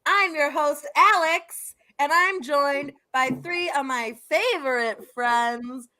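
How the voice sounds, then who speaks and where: A woman hosting a casual podcast chat, bubbly and quick to laugh. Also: sits high, pushed and bright. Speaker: podcast host.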